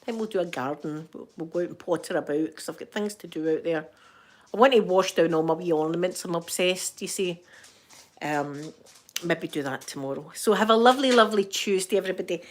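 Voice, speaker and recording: Chatty older Scottish woman vlogging. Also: fairly low pitch. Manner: chatty and rambling, laughs often, warm asides to viewers. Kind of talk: casual chat to camera. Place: at home.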